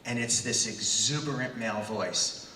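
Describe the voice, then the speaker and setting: A man in his sixties, a guest on a convention panel, telling a story in an animated way and acting out voices. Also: medium pitch, a little slow. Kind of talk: stage anecdote at a fan convention. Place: large convention hall. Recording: echoey hall, far from mic.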